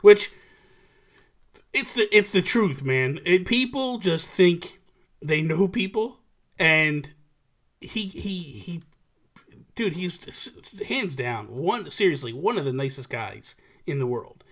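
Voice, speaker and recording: Animated man hosting a casual livestream. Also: a little high, slow. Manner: animated, rambling with many restarts, greets chatters. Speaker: livestream host. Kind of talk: casual live chat.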